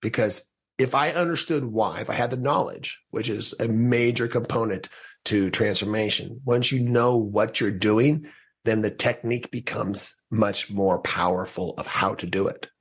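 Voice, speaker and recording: A man's voice: lowish voice, normal speed, breathy edge. A man as a podcast guest, telling his personal story in an earnest way, often restarting his sentences. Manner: earnest, restarts sentences, animated when quoting.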